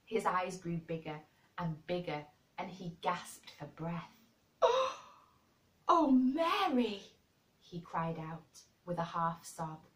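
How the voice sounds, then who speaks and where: A woman reading a classic children's novel aloud in an expressive storybook manner. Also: fairly low pitch, slow. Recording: roomy and distant.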